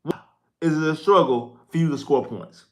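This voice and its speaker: A man hosting a casual postgame sports livestream, excitable and prone to repeating himself and stumbling over words. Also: on the high side, moderate pace.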